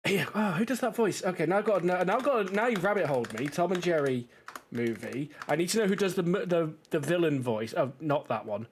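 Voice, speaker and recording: A man streams a game live, chatting and rambling to his viewers. He has a cold and sounds stuffy, and his voice sits a little on the high side for a man. He swears offhandedly as he goes. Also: animated, brisk, slight background noise. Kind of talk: casual live-stream chat.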